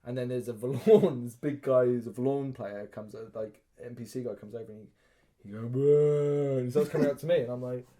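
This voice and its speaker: A man's voice: mid-range voice, quick pace, dark tone. A man, co-hosting a podcast and telling stories animatedly, swearing and acting out quotes. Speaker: podcast co-host. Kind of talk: casual chat, storytelling.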